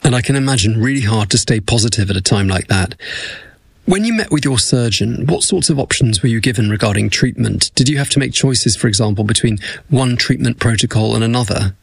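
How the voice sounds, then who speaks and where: A man interviewing a patient, asking gentle, measured questions. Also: mid-range voice, animated, creaky, husky.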